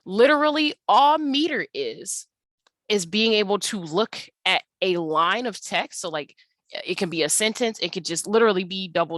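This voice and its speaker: A woman's voice: mid-range voice, expressive, normal speed, a bit bright, dry recording. A young woman teaching an English lesson over slides, explaining casually and saying words aloud to show their rhythm. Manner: conversational, with fillers.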